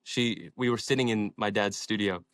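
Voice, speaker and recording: A man's voice: lowish voice, moderate pace, fairly bright tone, no room sound, studio quality. A young man in his twenties, a podcast guest, telling his story in a passionate, inspirational way and swearing freely. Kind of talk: casual storytelling in an interview.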